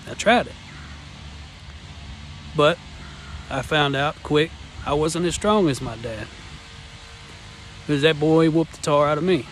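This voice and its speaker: A man's voice: on the high side, slow pace, long pauses. Man, 30s, earnest rambling testimony, faint hum behind, sits in a vehicle. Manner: earnest, rambling, Southern-style phrasing. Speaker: vlogger sharing personal testimony. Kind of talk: heartfelt personal testimony.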